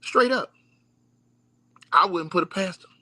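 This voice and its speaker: A man's voice: sits high, a little slow, pushed and bright, no echo. A man hosting a livestream, giving a mocking, repetitive sports rant straight to his audience. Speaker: livestream host. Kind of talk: animated sports rant to viewers.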